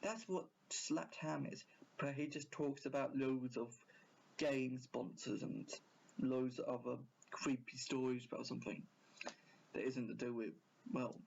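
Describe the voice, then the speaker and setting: A man's voice: medium pitch, vocal fry, a little mellow, breathy edge. A man giving a casual, rambling video review, often hesitating and correcting himself. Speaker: YouTube reviewer. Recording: dull lo-fi recording.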